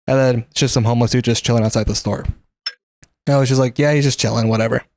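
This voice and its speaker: A young man in casual podcast chat on a voice call, tossing out deadpan joking quips. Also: medium pitch, racing, no room sound. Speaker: podcast participant. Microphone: remote call over voice chat.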